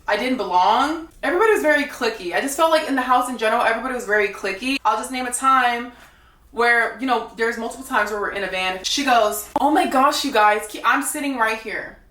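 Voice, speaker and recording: A young woman competing on a reality dating show tells her side of things to camera, blunt and gossipy and saying "like" constantly. Her voice is mid-range and fairly bright, recorded from a distance in an echoey room.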